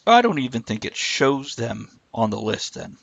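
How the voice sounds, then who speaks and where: A man's voice: mid-range voice, very animated, normal speed, gravelly, a bit bright, no echo, highs cut off. A man co-hosting a live stream, rambling casually and breaking off mid-thought. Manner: rambling, self-interrupting, reads chat aloud. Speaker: livestream co-host.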